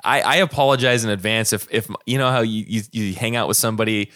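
A man's voice: fairly low pitch, quick pace, fairly bright tone, no echo, clean studio sound. A man co-hosting a podcast in casual chat, rambling and easygoing. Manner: rambling, restarts and hedging, easygoing. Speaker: podcast co-host.

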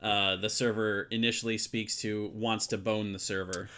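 A man's voice: fairly low pitch, flat delivery, normal speed, sharp tone. Hesitant man asking a question. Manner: hesitant, many ums and restarts. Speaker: podcast co-host, former server. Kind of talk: casual chat.

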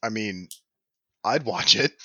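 A man appearing as a guest on a casual podcast, trading goofy deadpan quips. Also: on the low side, slow pace, no echo, highs cut off. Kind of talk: casual comedic podcast chat. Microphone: remote call recording.

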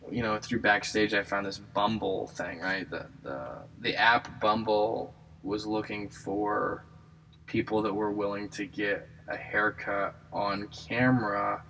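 A young man with a lowish, gravelly voice rambles through a casual monologue. He jokes at his own expense and trips over fillers and restarts. Faint ambience hums in the background. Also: bright, forceful tone, a little hiss or hum, poor audio. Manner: self-deprecating, jokey, lots of fillers and restarts. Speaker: aspiring comedian and actor.

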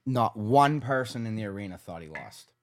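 A man with a Pittsburgh accent telling a story in an animated, casual way on a podcast, often acting out what people said. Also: fairly low pitch, moderate pace. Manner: animated, swears when heated, acts out quotes. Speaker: MMA manager, podcast guest.

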